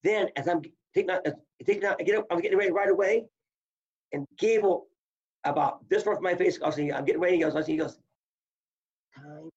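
Talking fast in a high, breathy voice, a man who used to wrestle tells casual stories and voices other people's lines with animation. The audio quality is lo-fi.

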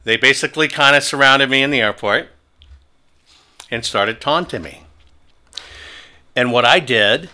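Guy hosting a talk show, sharp bright voice, goes on pushy rants. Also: medium pitch, measured pace, pauses often. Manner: forceful, taunting storytelling. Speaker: host.

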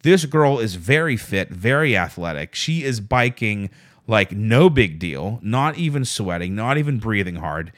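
A man's voice: on the low side, very animated, unhurried, a bit bright. A man hosting a solo podcast, telling a rambling, self-deprecating story with plenty of swearing. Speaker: podcast host.

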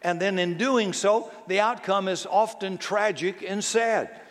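A man's voice: sits high, measured pace, fairly bright tone. A man preaching a sermon to his congregation in a casual, conversational way, often asking the listeners rhetorical questions. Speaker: pastor. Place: church sanctuary. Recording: long reverb of a large church.

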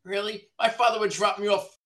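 A man, a body shop owner from the New Jersey area, ranting in casual podcast chat, profane and animated. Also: sits high, normal speed.

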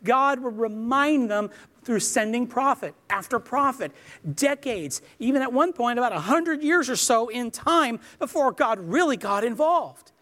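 A man's voice: extremely high pitch, lively intonation, measured pace, bright, forceful tone. A man preaching a sermon earnestly and emphatically, acting out quoted lines as he speaks.

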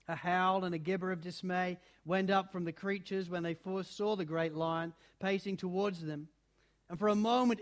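A man reading a children's storybook aloud in an expressive, dramatic way, shifting between loud and hushed passages. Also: high-pitched. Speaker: narrator.

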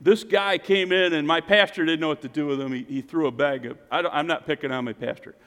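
A middle-aged man preaching a sermon and telling a personal story, swinging from loud, lifted lines to hushed, quiet ones. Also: fairly high pitch, fast talker, clean tone. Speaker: pastor. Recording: long hall reverb.

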